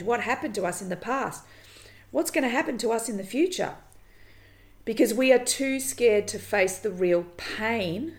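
Gravelly-voiced woman coaching earnestly. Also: mid-range voice. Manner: earnest, emphatic, repeats phrases, swears casually. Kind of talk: solo motivational podcast monologue.

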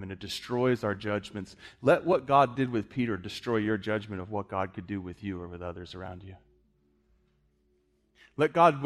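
A man preaching an impassioned sermon, pressing his points with repeated phrases. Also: fairly low pitch.

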